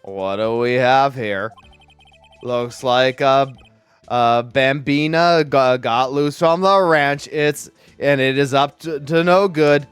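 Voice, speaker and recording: A man voicing a laid-back cowboy detective in a video game with a deliberately bad, slow cowboy drawl. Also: medium pitch, clean tone, faint music behind, natural voice. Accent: put-on cowboy drawl.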